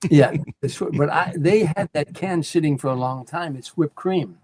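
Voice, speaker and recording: A man's voice: on the high side, moderate pace, darkish tone. An older man, a guest comedian, telling show-business stories and acting out what people said. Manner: storyteller who acts out quoted lines. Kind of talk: casual anecdote telling.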